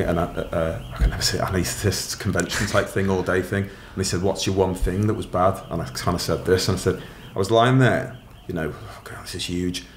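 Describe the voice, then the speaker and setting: A man's voice: low voice, reverberant, a little hiss or hum. A middle-aged man, a podcast guest candidly telling his story in a matter-of-fact, casual way.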